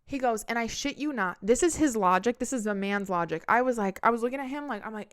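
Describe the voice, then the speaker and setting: A woman's voice: a little high, lively intonation, fast talker, few pauses. A woman in her twenties, a podcast host telling a casual storytime with candid, dramatic retelling and plenty of swearing.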